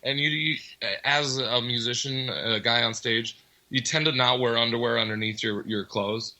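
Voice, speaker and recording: A man, a rock band member, chatting casually as a guest in an interview, relaxed and rambling with lots of fillers. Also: mid-range voice, normal speed, poor audio.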